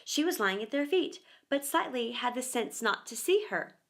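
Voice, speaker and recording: Animated woman reading a storybook aloud. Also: a little high, moderate pace, vocal fry. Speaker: storyteller, actor and teacher. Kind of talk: children's read-aloud narration.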